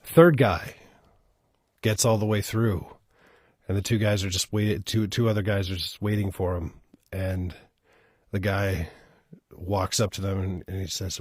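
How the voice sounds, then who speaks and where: Deep-voiced, rambling man storyteller. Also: steady tone, normal speed, slightly rough, dry recording, studio quality. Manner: rambling, self-deprecating, stumbles over words. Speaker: storyteller reading listener requests. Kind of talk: casual live-stream reading.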